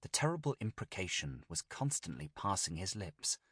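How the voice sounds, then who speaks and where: A man narrating a gothic tale as an audiobook reading, in a steady, deliberate storytelling manner. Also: deep voice, breathy edge, no echo, clean studio sound.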